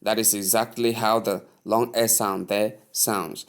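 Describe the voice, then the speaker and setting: A man teaching English pronunciation, repeating each word slowly and asking the listener to say it after him. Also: lowish voice, flat delivery, smooth. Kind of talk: slow, deliberate spoken lesson.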